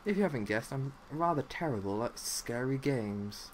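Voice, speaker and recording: A man's voice: mid-range voice, expressive, normal speed, slight background noise. A young man giving rambling, silly live commentary while playing a zombie game, hopping from one odd topic to the next. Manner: rambling, silly, jumps between topics, lots of "like". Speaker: gaming commentator.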